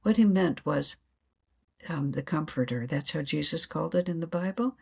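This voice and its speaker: A woman's voice: low voice, normal speed, creaky, husky. A woman guest telling reflective spiritual stories in an earnest way, laughing often and acting out her inner dialogue.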